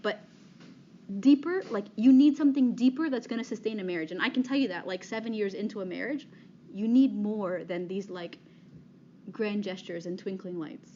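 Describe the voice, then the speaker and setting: Speaking to an audience about dating, this woman in her thirties has a mellow, medium-pitched voice and a moderate pace. Her style is direct and chatty, and she checks in with "okay?" after almost every point. Faint background noise sits under slightly dull audio.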